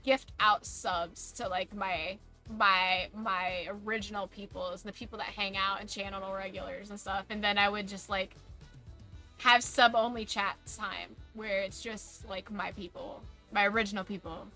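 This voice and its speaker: A woman streamer with a mild Southern American accent, chatting casually with her chat in a rambling way, her voice going a bit hoarse. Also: medium pitch, steady tone, a little slow, pushed and bright, faint music behind. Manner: rambling, many "like" fillers and restarts.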